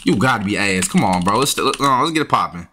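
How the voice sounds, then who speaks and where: A man's voice: lowish voice, expressive, fast talker, sharp tone, slight background noise. A young man, giving casual gameplay commentary, frustrated and trash-talking, with sudden yelps when annoyed. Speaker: gaming YouTuber. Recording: faint keyboard and mouse clicks.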